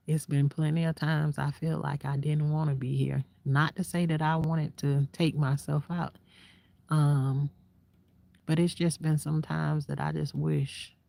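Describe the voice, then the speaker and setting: A woman vlogger talking casually and reflectively to her viewers, soft-spoken and half-whispering, sitting outdoors at night in the quiet countryside. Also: low voice, vocal fry. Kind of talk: casual heartfelt talk to viewers.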